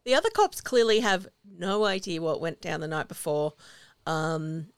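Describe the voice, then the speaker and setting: A woman recapping a film in relaxed podcast chat. Her voice is smooth and clear, recorded dry and close. She tells the story in an animated way, acting out the lines she quotes. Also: on the low side, no room sound. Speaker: podcast co-host.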